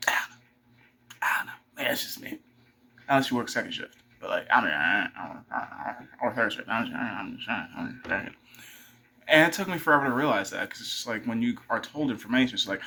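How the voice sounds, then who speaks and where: Rambling young man with a bright voice. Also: medium pitch, sing-song, normal speed, long pauses. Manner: meandering, swears freely, chats to his dog. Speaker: vlogger. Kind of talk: rambling casual monologue.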